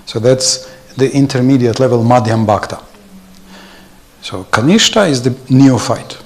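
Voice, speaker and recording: A man's voice: medium pitch, a little slow, a little mellow. A man giving an informal, anecdotal devotional talk at a temple, chuckling often as he speaks. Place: temple hall.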